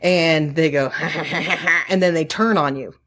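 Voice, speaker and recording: A woman's voice: sits low, normal speed. A woman co-hosting a casual gaming podcast, chatty and laughing often, with lots of fillers. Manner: giggly, chatty, hesitant fillers. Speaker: podcast co-host.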